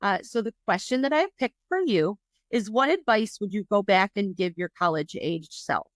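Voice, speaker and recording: An upbeat woman from upstate New York hosts a casual podcast chat, chatty and full of easy fillers. Her voice sits at a middle pitch. The recording is dry and close, with no room sound. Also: lively intonation, normal speed, dry recording. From New York State, USA. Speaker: podcast host.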